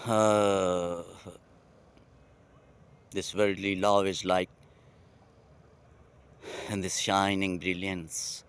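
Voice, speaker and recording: A man with a Pakistani English accent talks in a slow, unhurried way, lingering on each phrase. His lowish voice sounds smooth and clear as he muses aloud in a poetic, heartfelt monologue outdoors at night. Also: flat delivery. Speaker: vlogger.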